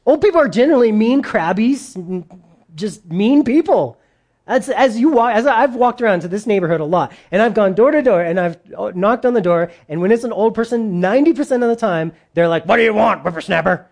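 A preacher delivers a sermon to a congregation. The talk is lively and informal, with jokes and quotes acted out in other voices. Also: medium pitch, brisk. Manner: lively, jokey asides, acts out quotes in put-on voices.

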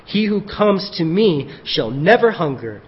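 A man preaching a sermon as pastor, animated, acting out the voices of the people he quotes. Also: high voice, a little slow, husky. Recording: dull echoey hall.

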